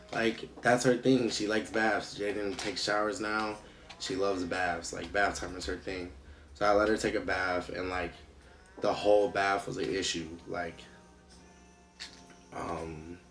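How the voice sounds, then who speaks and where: A man's voice: deep voice, a bit bright, reverberant. A young father speaking in a personal vlog, rambling and restarting, with many fillers. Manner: rambling, heavy use of "like", halting restarts. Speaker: father vlogger.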